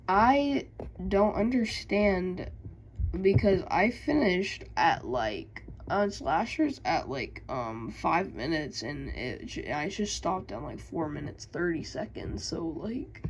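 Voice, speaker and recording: A woman YouTuber reading game lore aloud with casual asides, halting and stumbling over words. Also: lowish voice, lo-fi sound, a little hiss or hum.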